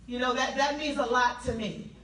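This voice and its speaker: A woman's voice: high voice, moderate pace, echoey room, recorded from a distance, poor audio. Southern woman speaking to a crowd. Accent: South Carolina Southern. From South Carolina. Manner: animated, laughing, call-and-response with the crowd. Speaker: motivational speaker. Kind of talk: testimony speech to an audience.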